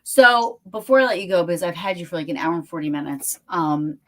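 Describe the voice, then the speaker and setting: A woman's voice: on the low side, expressive, fairly quick. A woman hosting a casual interview chat, talking in a chatty way with many fillers and restarts. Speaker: podcast host.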